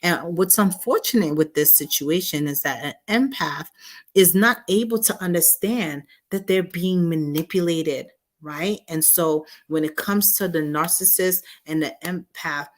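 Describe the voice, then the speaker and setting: Lower-voiced woman explaining step by step. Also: a little slow. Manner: explains step by step, often checks in with "right?" and "okay?"; acts out quoted voices of partners. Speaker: host. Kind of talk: talk on relationships to an online audience.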